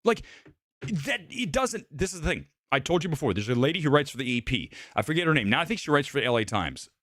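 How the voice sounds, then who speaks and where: A man's voice: a little high, very animated, fast, a bit bright, no room sound. A middle-aged man from Ohio hosting a movie talk livestream, ranting casually and profanely. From Ohio, USA.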